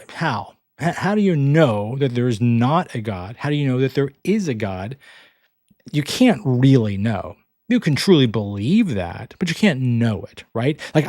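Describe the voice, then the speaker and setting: Clean studio audio with no echo carries a slightly mellow, medium-pitched male voice. He's a podcast host from the American South fielding listener questions, drifting from point to point with plenty of chuckles and little jokes at his own expense.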